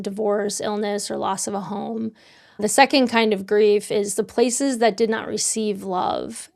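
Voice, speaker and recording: Smooth-voiced woman podcast host, reflective. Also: medium pitch. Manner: open, searching, full of "like" and "you know". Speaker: podcast host and dental coach. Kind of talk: casual reflective conversation.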